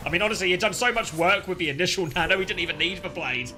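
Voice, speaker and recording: A man casting live esports, shifting between excitable play-by-play and chatty analysis full of fillers. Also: fairly high pitch, racing, hardly any pauses, soft background music. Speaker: esports caster.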